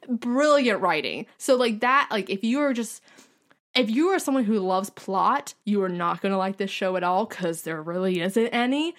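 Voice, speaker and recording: A young woman co-hosting a podcast, chatting casually and animatedly, full of fillers and excited asides. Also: fairly high pitch, moderate pace. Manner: gushing, animated storytelling with many fillers. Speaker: podcast co-host. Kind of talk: casual chat.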